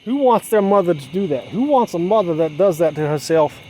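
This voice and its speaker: Outdoors at dusk, a man sets up solar gear while talking to the camera in the persona of a mother. His high, mellow voice is expressive and fairly quick, with a little hiss or hum. His rambling self-talk keeps circling back to the same phrases, shifting from mutters to agitated outbursts.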